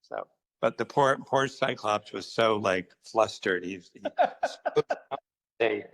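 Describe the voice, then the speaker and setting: A man telling lively anecdotes in a casual interview, acting out the people in his stories. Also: lowish voice, gravelly, no echo, poor audio. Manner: animated anecdotes with quoted voices, quick asides. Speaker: interview guest, comics writer. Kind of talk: casual storytelling.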